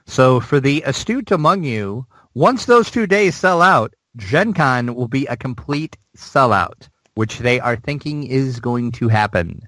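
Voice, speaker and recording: A man co-hosting a gaming news show, talking in a loose, rambling way full of "like" and "you know". His voice sits at an ordinary middle pitch. The sound is dry and close, with no room around it. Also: lively intonation, unhurried, few pauses, a bit bright, no echo, low-quality recording. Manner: chatty, rambling, lots of fillers. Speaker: podcast co-host. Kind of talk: casual news chat.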